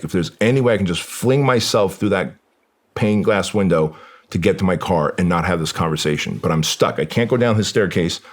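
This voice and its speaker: A man in his forties, a guest on a podcast, telling a painful personal story in an earnest, raw, conversational way. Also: low-pitched. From Armenia.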